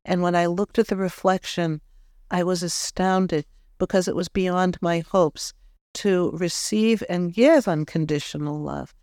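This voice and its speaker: A woman's voice: lowish voice, steady tone, a little slow, darkish tone, no room sound, studio quality. A woman medium speaking as the spirit of a cocky, loving young man, earnest and reflective, with some self-mocking jokes. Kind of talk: channeled spirit talk.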